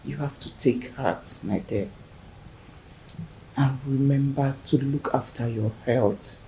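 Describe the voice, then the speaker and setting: A middle-aged actress with a Nigerian accent playing a widow gently consoling a grieving friend in a film. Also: female voice, rumbling low, slow pace, background noise, full character voice. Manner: soothing, motherly, hushed.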